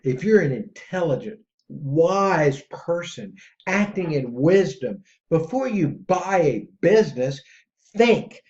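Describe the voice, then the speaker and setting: A man hosting a podcast in a casual, rambling monologue that gets excitable. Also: takes it slowly. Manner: excitable and rambling, jumps between pitches. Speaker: podcast host. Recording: dull lo-fi audio.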